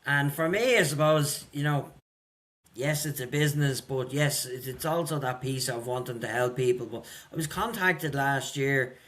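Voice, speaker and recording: A man's voice: mid-range voice, moderate pace, a bit bright. A man hosting a podcast interview, reflective and conversational as he asks open questions. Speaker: podcast host.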